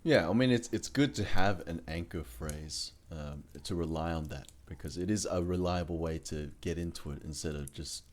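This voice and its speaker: A man's voice: sits low, moderate pace, few pauses. A man co-hosting a tabletop game podcast, recapping the session in a laid-back way with lots of fillers. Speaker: player, co-host. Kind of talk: casual podcast chat.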